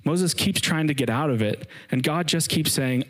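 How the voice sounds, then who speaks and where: A man's voice: fairly high pitch, moderate pace, poor audio. A man giving a casual, earnest sermon, retelling scripture with slang asides. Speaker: preacher.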